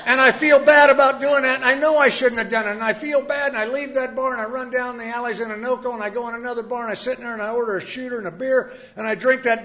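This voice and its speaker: A man's voice: high-pitched, bright, forceful tone. An older man telling his own story to an audience in a plainspoken, folksy, self-mocking way. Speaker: speaker sharing a recovery story. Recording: dull lo-fi sound.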